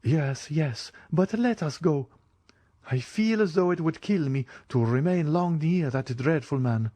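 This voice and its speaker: A man's voice: fairly high pitch, animated, a little slow, warm tone, no room sound, pitched above the performer's own voice. A man reading the part of a passionate young Greek woman in an audiobook. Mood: vehement. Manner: vehement, urgent.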